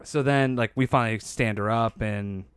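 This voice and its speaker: Animated man telling a wild story. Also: medium pitch, moderate pace, clear, resonant tone, no echo. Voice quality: slightly nasal from a hurt nose. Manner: animated, acts out quotes, laughs often. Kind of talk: casual storytelling.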